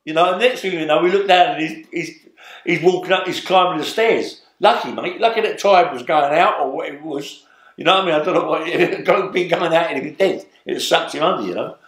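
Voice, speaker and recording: Gravel-free 70s London man, rambling storyteller, roomy echo. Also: a little high, brisk, fairly bright tone. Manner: rambling, tags lines with "yeah?" and "you know what I mean?". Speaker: interview guest. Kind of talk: storytelling interview.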